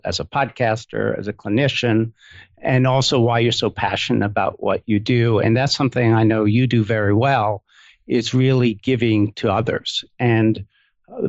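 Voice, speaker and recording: A middle-aged man and couples therapist, a guest speaking in a relaxed, reflective way as he tells his own story and chuckles now and then. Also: medium pitch, no room sound, highs cut off. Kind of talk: casual interview chat.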